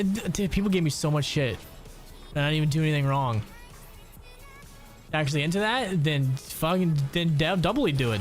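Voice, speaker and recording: Young dude streaming a game, crude jokey chat, laughs a lot, answers chat. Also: male voice, a little high. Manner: crude, joking, laughs often, reads chat aloud. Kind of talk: casual stream chat while gaming.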